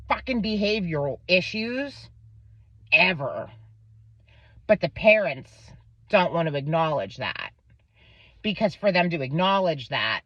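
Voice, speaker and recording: Profane, lively American mom telling a story. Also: female voice, deep voice, no echo. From Pennsylvania, USA. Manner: profane, animated retelling with quoted voices. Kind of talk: casual storytelling vlog. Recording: dull lo-fi dry recording.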